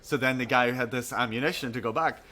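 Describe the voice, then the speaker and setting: A man with a bright, forceful voice tells a story on a chat podcast, acting out each person he quotes. His tone is lively and casual. A faint hiss sits under the recording. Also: medium pitch, quick pace. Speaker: podcast co-host.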